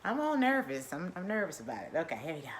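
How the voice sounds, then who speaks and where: A middle-aged woman hosting a wellness video, leading guided breathing and chatting in a lively, playful way. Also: low-pitched, fast. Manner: lively, playful, drawls and chuckles. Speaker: wellness vlogger. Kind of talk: guided breathing and casual chat.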